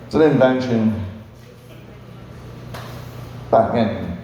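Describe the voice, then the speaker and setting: A man's voice: fairly low pitch, drawn-out words, warm tone, highs cut off. Young male stand-up comic, twenties, rambling sweary delivery, long hall reverb. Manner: rambling, profane, filler-heavy. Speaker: stand-up comedian. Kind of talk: stand-up comedy storytelling.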